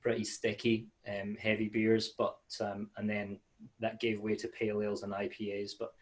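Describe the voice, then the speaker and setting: A man's voice: on the low side, monotone, normal speed. A man giving a casual webinar presentation over a video call, friendly and chatty with many fillers and restarts. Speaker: malt sales manager giving a webinar.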